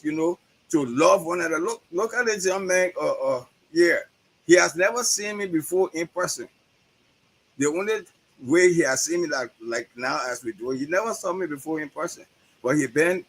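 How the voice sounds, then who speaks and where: Husky Liberian man, restarts his words. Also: on the high side, rough recording. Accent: Liberian English. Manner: animated, repeats words while building his point. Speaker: guest educator. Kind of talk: conversational interview.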